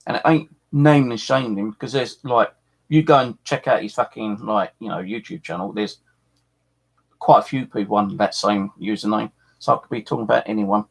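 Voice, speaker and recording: A man's voice: lowish voice, brisk, gravelly, slightly rough. A man in an angry, sweary live-stream rant, repeating himself as he vents.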